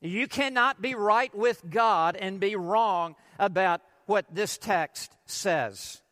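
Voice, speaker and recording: A man preaching an expository sermon, emphatic and deliberate, asking rhetorical questions and stressing key words. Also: high-pitched, bright, forceful tone, big-room sound. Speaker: pastor.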